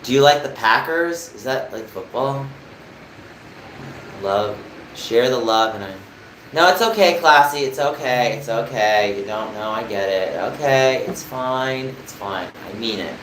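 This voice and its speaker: A man's voice: mid-range voice, lively intonation, unhurried, fairly bright tone, echoey room, a little hiss or hum, poor audio. A young man from New Jersey chatting casually on a live stream, rambling and answering viewers' comments. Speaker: livestreamer.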